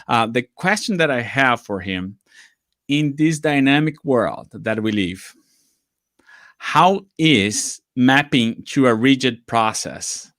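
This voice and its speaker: Lively man co-hosting a live stream. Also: mid-range voice, no echo, clean studio sound. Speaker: co-host. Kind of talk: live stream chat, asking questions.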